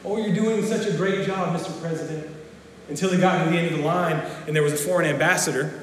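A man's voice: fairly high pitch, fairly even intonation, fast. Guy preaching a sermon, earnest, keeps repeating words, roomy church echo with faint background noise. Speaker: pastor. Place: church sanctuary. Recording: echoey church hall with long reverb.

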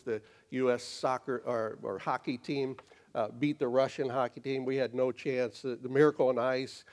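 Male pastor, mid-pitched, folksy storytelling sermon with halting restarts. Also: fairly even intonation, a little mellow. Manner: conversational, halting with frequent fillers and restarts.

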